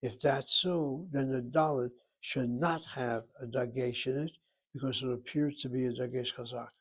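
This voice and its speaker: A man's voice: medium pitch, steady tone, normal speed, slightly rough. A man teaching a Hebrew class, lecturing in a precise, explanatory way with digressions.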